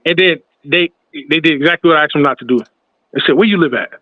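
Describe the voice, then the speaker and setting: A man with a high voice tells a story in a lively way and plays the other people's voices. The sound is tinny and dry, like a phone line. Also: fast, no room sound. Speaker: podcast host. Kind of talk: casual storytelling.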